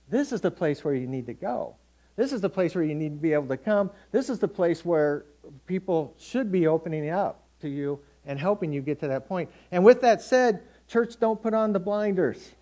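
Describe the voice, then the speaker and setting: A man's voice: high voice, animated, moderate pace, warm tone. A middle-aged man preaching a sermon in a conversational, storytelling way, acting out quotes from everyday people.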